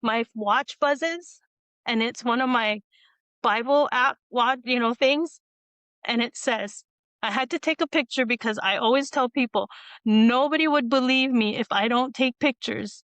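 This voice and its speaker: A woman's voice: on the high side, measured pace, fairly bright tone, no echo. A woman hosting a video-call interview, telling a long personal story in a rambling, tearful way with frequent laughs. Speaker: host. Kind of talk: emotional conversational storytelling.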